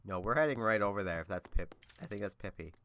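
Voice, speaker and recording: A man's voice: on the low side, fast, pushed and bright. A young man chatting casually while playing a game, rambling and laughing often. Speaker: let's-player. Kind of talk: casual gameplay commentary.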